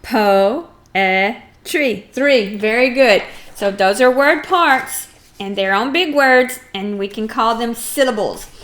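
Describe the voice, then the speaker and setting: A middle-aged woman teaching a first grade phonics lesson, patiently sounding out words and clearing her throat now and then. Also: on the high side, measured pace, a bit bright. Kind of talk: recorded phonics lesson for young children.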